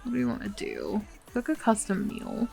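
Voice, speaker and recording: A woman's voice: mid-range voice, wildly swooping pitch, moderate pace, vocal fry, mellow, soft background music. A woman hosting a game let's play, commenting casually and sympathetically, with many fillers.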